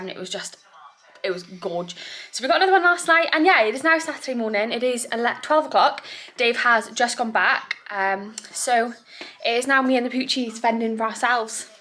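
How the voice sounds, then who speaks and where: A woman's voice: on the high side, pushed and bright. A young woman from England chatting casually in her vlog, rambling and talking to her dogs now and then. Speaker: vlogger.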